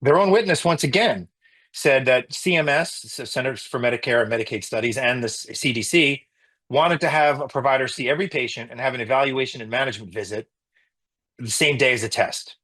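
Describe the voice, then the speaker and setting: In an interview, a middle-aged man who works as an emergency physician gives an emotional personal account. He is earnest, restarts frequently and grows increasingly indignant. His mid-range voice is brisk with a sharp tone.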